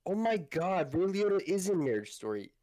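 A man's voice: high voice, very animated, normal speed, crowd noise. A man joking and teasing his friends in casual gaming chat. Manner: teasing, jokey. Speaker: gamer friend.

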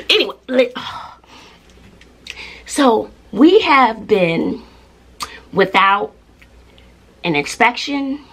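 A woman's voice: on the high side, husky. A middle-aged woman, chatting casually to her viewers in an emphatic way, repeating herself and often laughing. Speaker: vlogger, mother. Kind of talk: casual chat to camera.

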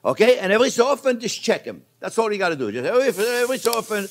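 An older man hosting a cooking show, chatting to viewers as friends while he cooks, easygoing and reassuring. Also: rapid-fire. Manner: lively pitch swings, laughs at his own slips. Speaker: cooking show host and chef. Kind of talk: casual cooking demonstration.

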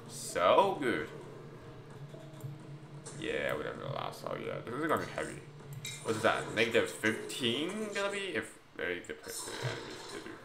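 A man's voice: fairly low pitch, huge pitch swings, moderate pace, gravelly, background noise. Chatty man commentating a card game. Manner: chatty, reacting aloud to a card game, addressing viewers as guys. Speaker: gameplay youtuber. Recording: roomy echo with loud background music.

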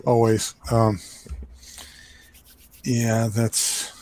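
A man making relaxed, offhand remarks in a casual group chat on a stream. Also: mid-range voice, very slow, noisy background. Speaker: watch party guest.

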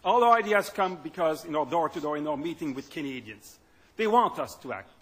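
A man's voice: fairly high pitch, expressive, brisk, breathy edge. A man giving a political speech as party leader, emphatic and stumbling into repetitions at times.

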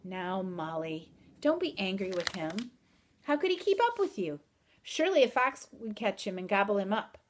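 A woman reading aloud in the voice of a mysterious, teasing wandering man with calm, old-country phrasing. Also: mid-range voice, moderate pace. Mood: coaxing. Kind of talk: audiobook reading.

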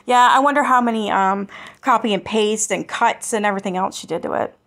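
Hosting a commentary channel, a woman reads online comments aloud and answers them with scornful sarcasm, swearing freely. Her voice is medium-pitched, fairly bright, and a little fast.

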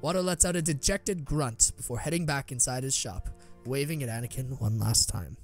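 A man's voice: medium pitch, moderate pace, faint music behind. A man narrating a scripted fan story in a dramatic way.

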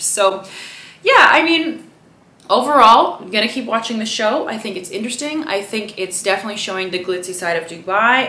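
A woman's voice: on the low side, pushed and bright, echoey room, slight background noise. A young woman from Canada chatting casually to camera as a vlogger, full of "like" and "you know" fillers.

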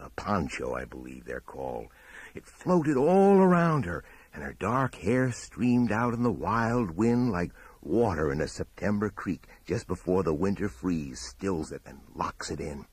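Low husky male horror narrator. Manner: measured, dramatic storytelling. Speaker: audiobook narrator.

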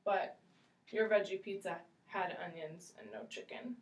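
A woman teaching English, slow and encouraging, repeating phrases for a learner. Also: medium pitch, steady tone, far from the mic, slight background noise. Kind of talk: ESL role-play lesson. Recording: echoey room, voice from afar.

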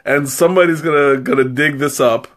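A man with a voice on the high side, a bit bright and a little fast, tastes tea during a live stream. His chat is casual and wandering; he giggles often, jokes at his own expense and has a runny nose from the spicy tea.

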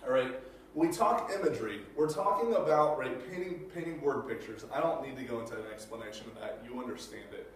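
A man's voice: medium pitch, expressive, brisk, a little hiss or hum. A male teacher giving a casual classroom lecture, checking in with rhetorical questions and filler words. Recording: echoey room, mic far off.

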